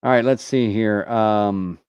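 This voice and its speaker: A man with a Southern US drawl answers viewer questions in a relaxed live tutorial, stopping often on "uh" and "you know". His voice sits fairly low and sounds smooth and clear. The recording is dry, with little room sound. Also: slow pace, no room sound, lo-fi sound. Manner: casual, many fillers like "uh" and "you know".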